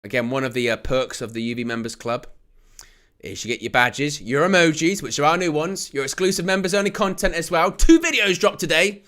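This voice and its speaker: A man hosts a live football watch-along, calling the play with a high, bright voice. He jokes with his viewers and laughs often, then rises to excited shouts when a chance goes close. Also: a little fast. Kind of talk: live play-by-play commentary and chat.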